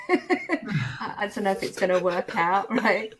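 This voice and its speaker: A woman's voice: mid-range voice, steady tone, normal speed, a little hiss or hum. A middle-aged woman telling a personal story in casual chat, laughing often and acting out the voices she quotes.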